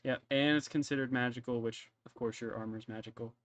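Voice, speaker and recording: A man's voice: mid-range voice, steady tone, brisk, dry recording. A man narrating as game master in a tabletop game, casual and rambling, often stumbling over his words.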